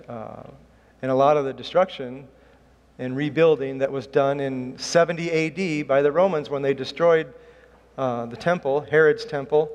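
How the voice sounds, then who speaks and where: A man's voice: medium pitch, a little mellow. A middle-aged man preaching a sermon as a pastor, earnest and emphatic, pushing his voice up on key points. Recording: reverberant hall.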